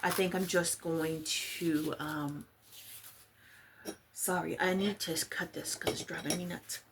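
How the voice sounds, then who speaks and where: A woman's voice: fairly low pitch, fairly even intonation, slow pace, background noise. A woman from Texas, chatting casually and rambling as she works on a craft project. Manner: chatty, rambling, self-deprecating. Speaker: crafting vlogger. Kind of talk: casual chat while crafting.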